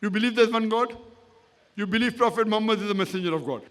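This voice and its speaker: A fast-talking man with a high, fairly bright voice fields an audience member's question as an Islamic lecturer at a public talk. His delivery is emphatic and repetitive, punctuated by "correct?" to make sure he's followed.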